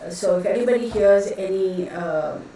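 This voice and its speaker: A woman's voice: medium pitch, normal speed, mellow. Rambling woman in an echoey room. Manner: chatty, rambling, greets viewers by name. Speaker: tarot reader hosting a live stream. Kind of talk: casual live-stream chat. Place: home room with a fan running. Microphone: distant mic, noticeable echo. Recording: very echoey room, voice far from mic, faint fan noise.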